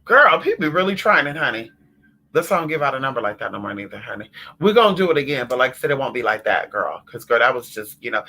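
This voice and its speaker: Brief: man with a slightly high voice, spiritual consultant going live from home, sassy and emphatic, keeps calling his listeners honey. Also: expressive, a little fast, gravelly, sharp tone. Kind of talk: casual livestream rant.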